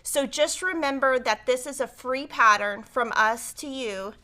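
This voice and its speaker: A middle-aged woman with a high, bright voice hosts a casual quilting livestream. She chats in an excitable, rambling way, full of little fillers, as she moves into a tutorial. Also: measured pace. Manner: chatty and excitable, with many "um" and "like" fillers. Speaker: host of a quilt shop livestream. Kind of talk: casual live-stream chat and quilting tutorial.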